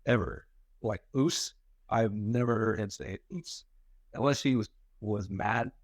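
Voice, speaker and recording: Man, low voice, casual podcast chat, rambling, dry close sound. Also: measured pace, no echo. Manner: rambling, restarts often, laughs easily. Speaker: podcast co-host.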